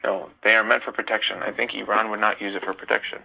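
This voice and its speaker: A man's voice: lowish voice, fast talker, vocal fry, very noisy. A young man hosting a casual live stream, animatedly reading and answering viewer comments. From United States. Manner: animated, argumentative, reads comments aloud. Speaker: livestream host.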